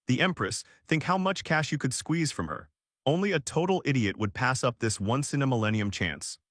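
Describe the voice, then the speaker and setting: A man's voice: medium pitch, animated, normal speed, a bit bright, dry recording, studio quality. A man voicing a shameless, money-hungry young mage with a mocking tone. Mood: scheming. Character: scheming greedy young male mage.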